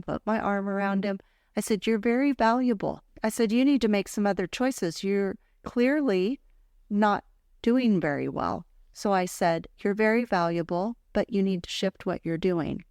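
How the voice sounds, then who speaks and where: A woman with a mid-range, darkish voice hosts a casual faith podcast, earnestly and warmly recounting a personal story. The studio sound is clean, with no echo.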